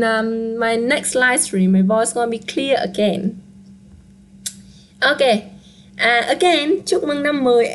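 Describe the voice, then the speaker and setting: Hoarse woman chatting on a live stream. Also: fairly high pitch. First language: Vietnamese. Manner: chatty, relaxed, with frequent fillers. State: hoarse, scratchy throat. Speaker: Vietnamese teacher.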